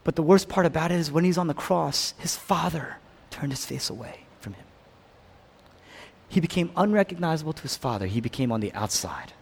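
A man preaches as a pastor in a slightly high, gravelly voice with a breathy edge, brisk pace and lively intonation. He keeps building to loud, emphatic peaks, then dropping to near-whispers, and repeatedly questions his congregation.

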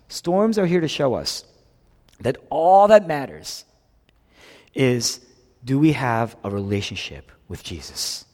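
A man preaching a sermon as a pastor, swinging between loud emphatic lines and hushed low ones. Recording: long hall reverb.

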